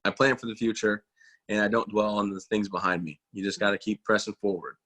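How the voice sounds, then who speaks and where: A man's voice: lowish voice, steady tone, fairly quick, fairly bright tone. A man in his thirties, an army veteran, telling stories in a casual interview, folksy and self-mocking, acting out quoted voices. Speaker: guest, army veteran and motivational speaker.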